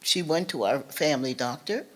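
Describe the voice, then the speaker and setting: An older woman from Nova Scotia speaks in a slightly low voice as a guest speaker. She tells her family story earnestly and haltingly, repeating words and restarting her sentences. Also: animated, a bit bright. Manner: earnest, recounts family memories. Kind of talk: personal storytelling talk.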